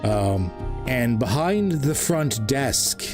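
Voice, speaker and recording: A man's voice: medium pitch, animated, drawn-out words, over music. A man narrating a tabletop game as game master, rambling with many ums and uhs.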